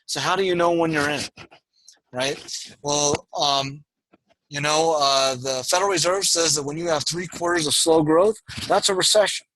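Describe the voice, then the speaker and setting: Bright-voiced male lecturer, rambling. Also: on the high side, normal speed, no room sound, rough recording. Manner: discursive, many fillers and restarts. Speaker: university lecturer. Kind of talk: online class lecture.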